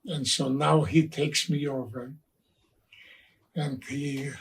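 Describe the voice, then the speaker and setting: A man in his nineties giving personal testimony, halting and repeating words as he recalls events and quotes the people in them. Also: a little high, fairly even intonation, recorded from a distance, a little hiss or hum, rough recording. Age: 90s. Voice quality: gravelly, husky older voice. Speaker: Holocaust survivor telling his story.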